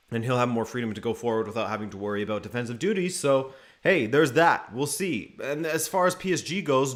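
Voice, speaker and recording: A man's voice: mid-range voice, fairly bright tone. A man hosting a live football watchalong stream, chatting casually, going over lineups and greeting viewers from the chat by name.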